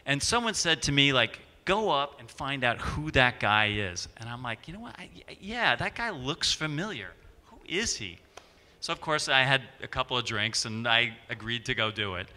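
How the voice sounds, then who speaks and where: A man's voice: mid-range voice, big pitch swings, moderate pace, sharp tone. A man moderating a conference panel, telling a chatty anecdote and acting out the voices in it. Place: conference stage. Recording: stage panel in a large hall.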